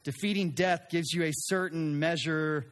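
A man preaching a sermon in an animated way, acting out quoted lines and sometimes restarting his sentences. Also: on the high side, normal speed. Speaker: pastor.

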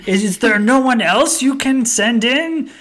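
A man puts on a swaggering captain full of himself, taunting his foes with loud bravado. The voice rides a bit higher than an everyday speaking voice. It is a quick, offhand impression tossed into a casual story pitch. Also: expressive, heavily acted. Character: cocky swaggering male ship captain.

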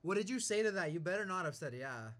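A young man with a higher, bright voice hosts a casual chat. His pitch jumps around a lot as he asks questions, jokes and swears freely. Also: animated, fast talker. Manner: curious, swears freely, jokey. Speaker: podcast host.

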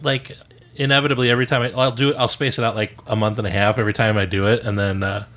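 A man's voice: fairly low pitch, little pitch movement, rapid-fire, a bit bright. Guy cohosting a podcast, jokey, keeps laughing and doing people's reactions. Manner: jokey, laughs often, acts out other people's replies. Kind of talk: casual podcast chat.

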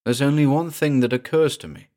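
A man reading aloud, voicing a puzzled young man who tries to sound calm and reassuring. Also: mid-range voice, brisk, pitched above the performer's own voice, close to an everyday voice. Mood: coaxing. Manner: uneasy, forced reassurance.

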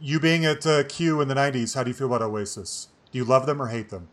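A man's voice: mid-range voice, steady tone, quick pace. A male podcast host who talks casually, agreeing readily and rambling with many fillers. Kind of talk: casual podcast chat and outro. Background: music.

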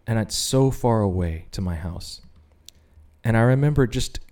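In a casual podcast conversation, a man sincerely tells his personal testimony of faith and acts out the voices he quotes. His voice is on the low side and a bit mellow, with lively intonation and a normal pace.

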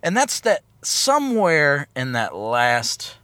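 Bright, rambling man reviewing a film. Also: on the high side, huge pitch swings, takes it slowly, dry recording. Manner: rambling, joking, self-correcting. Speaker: podcast co-host. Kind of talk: casual film review chat. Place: in a car.

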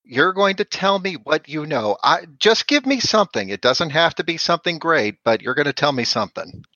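A man's voice: fairly high pitch, big pitch swings, a little fast, bright, forceful tone, dry recording, lo-fi sound. A man playing a tabletop game, speaking pushily and threatening in character. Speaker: player.

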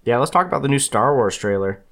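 A man's voice: mid-range voice, lively intonation, fast talker, a crowd in the background. A man co-hosting a podcast, joking and chatting casually with friends. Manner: joking, playful. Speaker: podcast co-host. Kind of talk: casual chat.

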